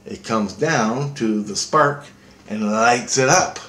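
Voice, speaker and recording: A man's voice: on the low side, takes it slowly, bright, forceful tone. A man vlogging a rambling, intense spiritual monologue, swearing freely.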